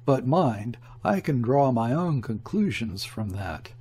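Man voicing a solemn, earnest, credulous sea captain for a storybook, husky voice. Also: medium pitch, big pitch swings, slow, dark tone, exaggerated voice.

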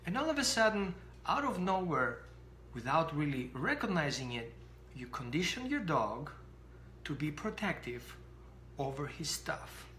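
A dog trainer giving an animated explanatory talk to camera, acting out little scenes. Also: mid-range voice, a little slow, roomy sound, a little hiss or hum.

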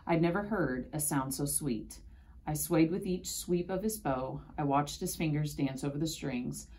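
Low-voiced woman reading a storybook. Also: moderate pace. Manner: expressive first-person storytelling. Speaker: storybook reader. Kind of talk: reading a children's picture book aloud.

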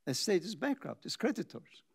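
A man's voice: high-pitched, big pitch swings, creaky, husky. Older man telling a founder's story. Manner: dramatic pauses, acts out quoted dialogue. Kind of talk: reflective storytelling talk.

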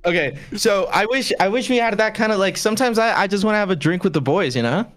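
A man's voice: high voice, expressive, fast, a bit bright. A young man streaming in casual chat, rambling between topics and swearing. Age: young adult.

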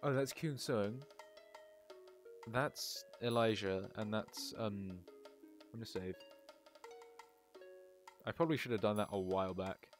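A man's voice: fairly low pitch, unhurried, pauses often, faint music behind. A man chatting casually while streaming a game. He reads chat aloud, answers it and swears freely. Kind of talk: casual game livestream commentary.

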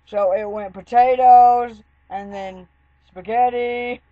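A woman's voice: fairly high pitch, fairly even intonation, slow, no room sound, phone-quality sound. A woman vlogger telling a story in a casual, rambling way, with lots of "like". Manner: chatty, rambling, full of "like" fillers.

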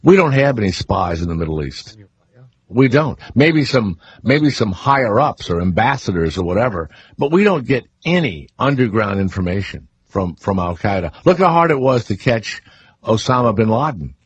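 A man's voice: on the low side, very animated, moderate pace, husky. A middle-aged man with a Southern accent hosting a talk radio show, blunt and profane, rambling between topics. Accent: American Southern. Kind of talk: casual talk radio chat.

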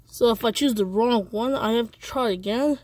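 Excitable woman doing gameplay commentary. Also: a little high, normal speed, a little hiss or hum. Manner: excitable, reacting out loud to the game. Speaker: gaming video creator.

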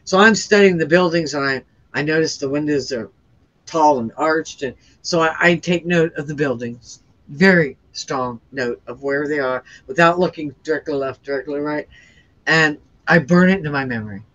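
A woman guest with a deep voice earnestly recounts her near-death experience at a moderate pace, heard through a muffled recording. Her first-person telling is intense and emotional, and she often restarts her sentences.

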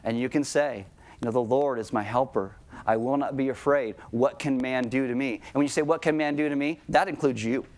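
A middle-aged man preaching a sermon to his congregation in a conversational tone, slowing right down on key lines. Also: mid-range voice, a little mellow. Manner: conversational preaching, slows down for emphasis. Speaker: pastor.

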